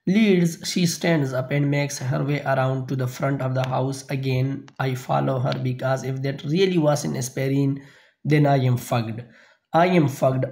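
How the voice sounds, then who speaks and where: A man narrating a novel in the first person as an audiobook reader, halting at times with small slips and restarts. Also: medium pitch, gravelly, darkish tone.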